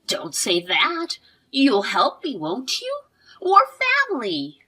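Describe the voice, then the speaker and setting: A woman voicing a greedy, selfish older mother-in-law who whines and pleads in a somewhat lower voice. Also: huge pitch swings, slow pace, pushed and bright, slightly rough, exaggerated voice. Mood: pleading. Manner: pleading, whiny, self-pitying.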